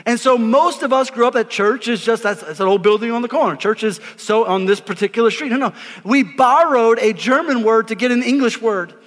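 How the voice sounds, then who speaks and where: A man, a pastor preaching an energetic sermon, emphatic and repeating words as he calls on the congregation to answer. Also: very high voice, brisk. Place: church auditorium before a congregation. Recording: live in a reverberant hall.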